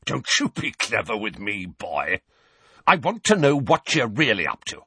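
A man's voice: on the low side, wildly swooping pitch, normal speed, pushed and bright, slightly rough, no echo, heavily acted. A man reading aloud and voicing a blustering, bullying middle-aged uncle who snarls in a strained, raised voice.

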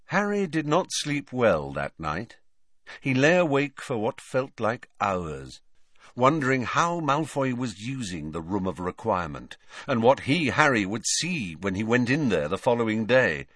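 Male audiobook narrator with a lively delivery. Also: mid-range voice, dry recording, studio quality. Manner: steady, measured storytelling.

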